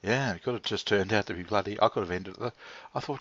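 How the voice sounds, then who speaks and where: An Australian-accented vlog host talks fast in a fairly low, slightly bright voice. He rambles casually, laughs often and swears freely, all captured on a dull lo-fi recording.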